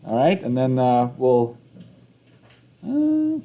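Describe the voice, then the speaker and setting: A man's voice: mid-range voice, wildly swooping pitch, slow pace, phone-quality sound. A young man teaching a geometry class, talking it through conversationally and checking in with the students again and again. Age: young adult. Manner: conversational, repeats himself, frequent "okay?" check-ins. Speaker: math teacher. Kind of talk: classroom lesson walkthrough.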